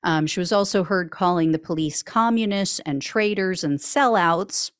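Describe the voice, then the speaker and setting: A woman's voice: fairly low pitch, normal speed, clear, resonant tone, dry recording. A woman hosting a news commentary podcast, recapping court cases with dry, sarcastic asides. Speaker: podcast host.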